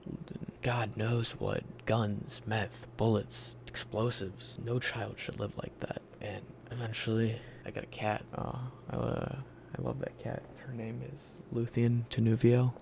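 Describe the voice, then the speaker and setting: A young man from Virginia recounts his life story casually, in a blunt, profane, and candid manner, acting out the things people said to him. His voice is medium-pitched and a little mellow with vocal fry, and there is slight background noise.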